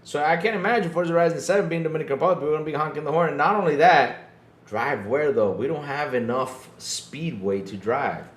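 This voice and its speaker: Slightly high-pitched and quick, this man hosts a laid-back gaming podcast, chuckling as he goes. He tends to repeat himself and tack "though" onto his lines, and the recording sounds echoey.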